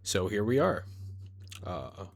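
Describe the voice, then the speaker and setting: A man's voice: deep voice, sing-song, takes it slowly, vocal fry, no room sound, studio quality. A man giving comedic reaction commentary on videos, joking and mock-outraged.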